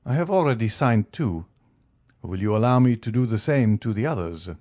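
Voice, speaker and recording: A man's voice: lowish voice, lively intonation, moderate pace, darkish tone, close to an everyday voice. A man voicing a proud, greedy middle-aged banker who talks boastfully. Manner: boastful, then flustered and stammering.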